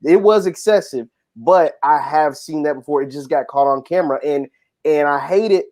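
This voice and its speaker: Earnest man, slightly high voice. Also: normal speed, a little mellow. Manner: earnest, repeats himself for emphasis. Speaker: panelist. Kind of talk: casual panel discussion.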